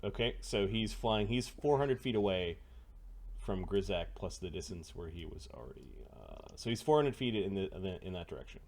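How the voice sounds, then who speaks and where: Low-voiced man running a tabletop game. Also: normal speed, gravelly. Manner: steady, working out numbers aloud with many uhs. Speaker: game master.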